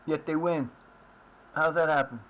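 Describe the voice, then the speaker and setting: A man's voice: fairly high pitch, a little slow, fairly bright tone, slight background noise, poor audio. A man streaming live and chatting casually over his game, rambling with frequent restarts and fillers. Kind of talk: casual live gameplay commentary.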